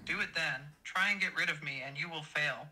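A man's voice: on the high side, brisk, sharp tone, a little hiss or hum, low-quality recording. A text-to-speech male voice playing a rude, insulting AI chatbot clone that mocks the person it talks to. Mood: taunting. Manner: mocking, taunting insults.

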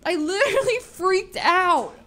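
A young adult woman streamer telling stories in casual chat, animated and full of fillers, acting out the voices she quotes. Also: very high voice, measured pace.

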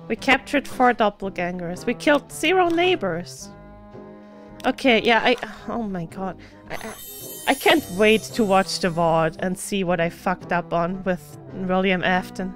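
A woman with a German accent, chatting casually while streaming a game, laughing and greeting followers. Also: mid-range voice. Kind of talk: casual live gameplay commentary.

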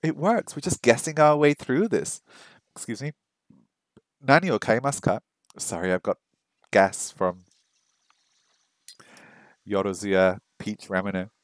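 A man's voice: fairly low pitch, a little slow, long pauses, dry recording, clean studio sound. A man on a casual study stream, thinking aloud, repeating phrases over and over and joking at his own mistakes. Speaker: streamer learning a language. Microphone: streaming microphone that picks up his voice weakly.

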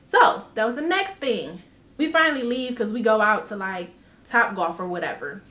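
A woman vlogger telling a personal story in casual storytime style, animated and emphatic, swearing freely. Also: on the high side, normal speed, reverberant.

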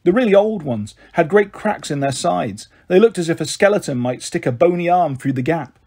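A man with a slightly high, husky voice reads a children's novel aloud. He narrates gently and shifts his tone as he moves between characters. The delivery is steady and made for young listeners. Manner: gentle, voices the characters with raised and lowered pitch. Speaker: storyteller reading aloud.

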